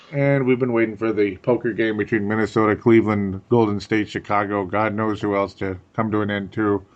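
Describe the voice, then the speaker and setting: A man's voice: on the low side, steady tone, moderate pace. A man co-hosting a podcast in casual sports chat, chatty and laughing often, repeating words for effect. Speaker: podcast co-host. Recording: dull lo-fi audio.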